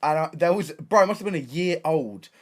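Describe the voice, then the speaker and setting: A young man with an English accent, a streamer telling a story in a casual, excitable way, full of slang and restarts. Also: fairly high pitch, a little fast. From England.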